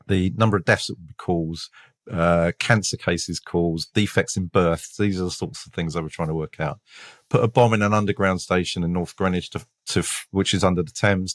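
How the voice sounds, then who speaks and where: Male detective, London accent, low voice, chatty podcast storyteller who stumbles over his words, dry close recording. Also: no room sound. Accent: London English. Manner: animated, many restarts and repeated words; laughs while telling stories.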